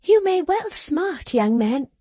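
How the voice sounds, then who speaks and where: A woman reading an audiobook, voicing a small, sharp-tongued dressmaker with sly spite. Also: sits high, lively intonation, unhurried, no echo, pitched above the performer's own voice. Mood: gloating. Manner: tart, sly.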